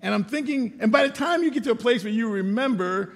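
An older man delivers a sermon in a high, gravelly voice, spinning personal stories with a dry, self-deprecating wit. His words ring out with a long reverb in a church sanctuary. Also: expressive, fast, hardly any pauses. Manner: conversational storytelling with self-deprecating humor. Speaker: pastor.

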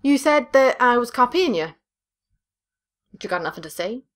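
A woman from northern England doing casual game commentary, crude and teasing and quick to laugh. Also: fairly high pitch, expressive. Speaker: YouTuber.

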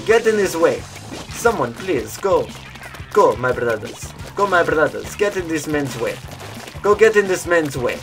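A young man giving goofy gameplay commentary, slipping into silly meme voices and shouts. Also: a little high, sing-song, a little slow, music in the background. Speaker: gaming YouTuber.

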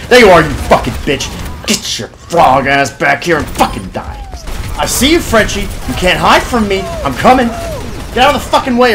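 Loud, profane man trash-talking over music. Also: high voice. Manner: loud, profane trash talk aimed at other players; mock-whiny and theatrical jokes. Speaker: gamer playing and joking over his match. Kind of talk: comic gameplay commentary. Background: background music.

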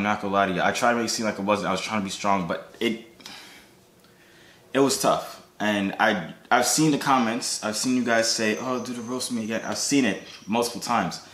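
A man's voice: on the low side, fairly even intonation, a little fast, a bit bright, echoey room. A young man hosting a casual video chat vlog, joking and boastful, sometimes whispering to himself. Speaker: YouTuber host.

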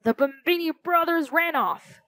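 A woman's voice: very high voice, a little slow, sharp tone, no room sound, voice pushed up, heavily acted. A woman voicing a frantic, fussy middle-aged male theater manager who wails and panics. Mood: wailing. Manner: panicky, wailing, dramatic.

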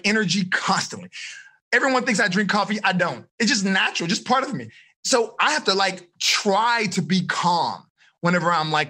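A male life coach gives a live seminar with constant, animated energy. His voice sits high and sounds bright and forceful. He keeps checking in with his listeners as he teaches. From United States. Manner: energetic, animated, addresses audience with frequent okay and like.

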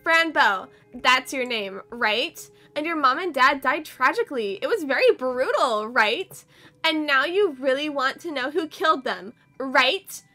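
A woman voicing a pair of eerie teenage sisters who are smug and bossy, with a loud, drawn-out, taunting delivery. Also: high-pitched, animated, heavily acted.

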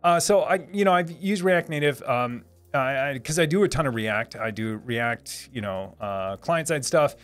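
A man's voice: medium pitch, lively intonation, normal speed, hardly any pauses, fairly bright tone, soft background music. A man in his thirties hosting a casual live stream, reading viewer comments aloud, chatty, laughing often and repeating words as he restarts sentences.

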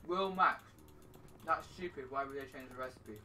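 A man's voice: mid-range voice, normal speed. A man co-hosting a gaming stream, laid-back and giving short mumbled replies while he snacks. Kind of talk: casual gaming chat. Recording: distant mic with steady background noise.

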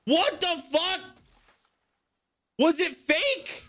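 Excitable man reacting to anime, very high bright voice, lively swings, frequent swearing. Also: very slow. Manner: excitable, swearing, exclaiming at the screen. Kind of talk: casual reaction commentary.

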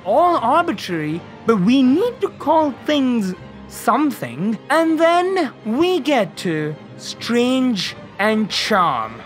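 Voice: medium pitch, big pitch swings, slow, over music. A science YouTuber giving a comedic explainer that is sarcastic and exasperated, with the odd swear word for laughs. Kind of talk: comedic educational monologue.

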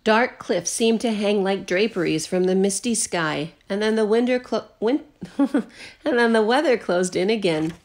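Woman, teacher, storybook read-aloud, expressive, recorded at home. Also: medium pitch, unhurried. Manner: expressive, lightly voices the characters. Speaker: teacher reading aloud to students.

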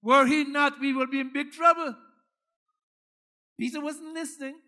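A male pastor preaching a sermon with emphatic delivery, moving from hushed asides to loud, shouted climaxes. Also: extremely high pitch, fairly even intonation, moderate pace.

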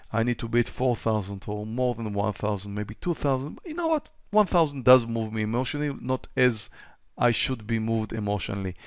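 A man's voice: mid-range voice, clear, resonant tone, no echo, studio quality. A man teaching a live trading webinar, who talks straight to his students, repeats phrases, and acts out a trader's racing thoughts. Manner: repeats phrases, direct to the audience. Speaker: trading instructor.

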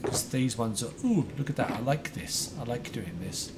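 Excitable man streaming. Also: medium pitch, normal speed, gravelly, heavy background noise. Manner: excitable, chatty, greets viewers by name. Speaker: livestreamer. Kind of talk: casual live-stream chat. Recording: faint music behind.

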